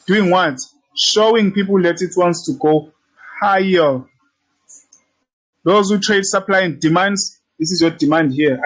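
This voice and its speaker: A man's voice: a little high, rough recording. A man teaching trading in a casual walkthrough, brash and teasing, repeating his points and swearing freely. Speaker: trading instructor. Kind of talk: casual screen-share tutorial.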